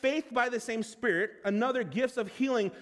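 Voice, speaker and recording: A man preaching a conversational sermon as a pastor, animated, with quick restarts and playful asides. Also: very high-pitched, long reverb tail.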